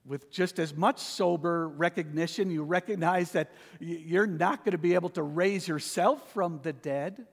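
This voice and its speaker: A man preaching a sermon in a church, swinging from a soft hush to loud proclamation. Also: on the high side, moderate pace, creaky, hardly any pauses, in a large hall. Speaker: pastor. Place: church sanctuary.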